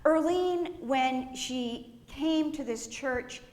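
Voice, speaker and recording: A woman pastor giving a funeral eulogy in a church, telling stories with gentle laughs. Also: sits high, very slow. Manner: warm storytelling with gentle laughs. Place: church sanctuary. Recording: echoey church room.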